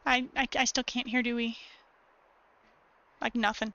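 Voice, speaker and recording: A woman's voice: fairly high pitch, flat delivery, unhurried, sharp tone, no room sound, muffled recording. A woman streaming games, who gives clipped commands to her dog and then explains things in a casual way. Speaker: gaming streamer. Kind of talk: casual live-stream chat.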